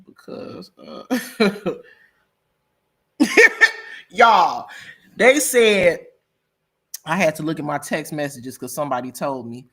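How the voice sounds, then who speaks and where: A woman hosts a casual live-stream reaction chat, her voice sitting low and her pace unhurried. She's dramatic and gossipy, laughing loudly and often, and swings between loud outbursts and quiet asides.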